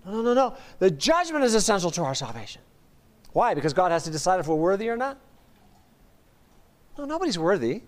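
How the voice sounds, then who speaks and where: A man's voice: sits high, big pitch swings, brisk, pauses often. A man teaching a Bible study in a chatty, enthusiastic sermon style, often asking his listeners questions.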